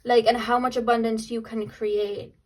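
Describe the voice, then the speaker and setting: A young woman talks through a casual tarot reading in a chatty, upbeat way. Her voice sits a little high. She trails off, restarts, and slips into quoting what the viewer is thinking. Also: level tone, moderate pace, a little hiss or hum, rough recording. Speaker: tarot reader.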